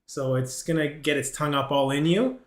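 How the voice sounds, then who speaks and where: A man's voice: a little high, steady tone, brisk, reverberant. A man narrating a tabletop game as game master, hesitant and full of fillers and restarts.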